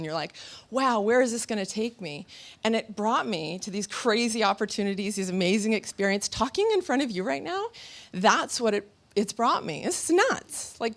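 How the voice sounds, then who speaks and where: A woman in her thirties giving a motivational talk on stage before a live audience, telling stories with animated energy and laughter. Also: on the high side, vocal fry. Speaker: motivational speaker.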